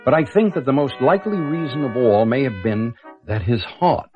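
A man's voice: medium pitch, moderate pace. An older man narrating a rhyming storybook in a rhythmic, playful way, building up on repeated words. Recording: dull lo-fi cassette with music.

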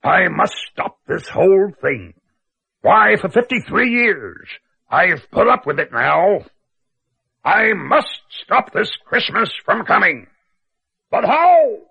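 Grumpy sneering grinch done by a man, high jumpy voice, gravelly and scratchy, storybook tape. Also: big pitch swings, slow pace, pushed and bright, heavily acted. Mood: scheming. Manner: snarling, sneering. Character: sour grumpy male green Grinch creature.

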